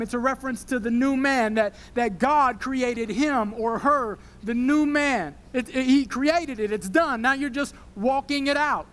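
A young man preaching a sermon at a church service, animated and emotional, later praying softly. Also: very high-pitched, measured pace, few pauses. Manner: animated, emotional preaching that drops to a soft prayer. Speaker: pastor.

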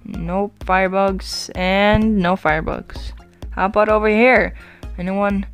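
A woman giving chatty let's-play commentary over her game, often apologizing and breaking into excited exclamations. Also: medium pitch, takes it slowly, soft background music. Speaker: YouTube gamer.

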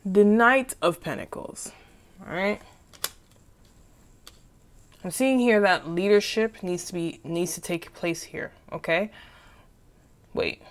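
A woman's voice: on the low side, takes it slowly, long pauses. A woman doing a casual tarot reading who rambles, repeats herself and keeps asking "okay?". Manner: chatty and informal, with "okay?" checks. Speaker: tarot reader.

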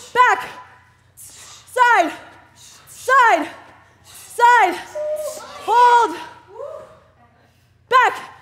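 A woman fitness instructor leading a workout class, energetic and encouraging, calling out counts and moves. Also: very high-pitched.

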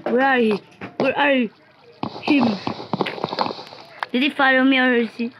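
A woman giving playful live commentary while gaming, chatty and joking, who bursts into panicked shouting. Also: sits high, fairly even intonation, unhurried, dull audio, noisy background. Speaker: gamer.

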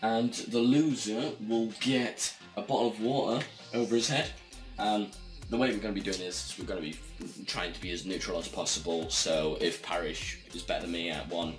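Young guy, low voice, echoey room. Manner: rambling, jokey, lots of ums. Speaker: YouTuber host. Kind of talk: casual chat. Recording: echoey room with background music.

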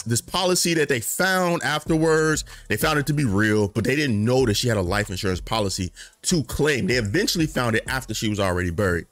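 Fired-up man ranting on a dry mic. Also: dry recording. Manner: animated, passionate, swings from high-pitched outrage to low muttering, uses slang. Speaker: commentary vlogger. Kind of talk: casual commentary rant.

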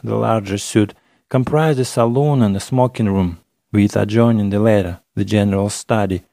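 Gravelly low-voiced male audiobook narrator. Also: darkish tone, no echo. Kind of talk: first-person audiobook narration of a classic novel.

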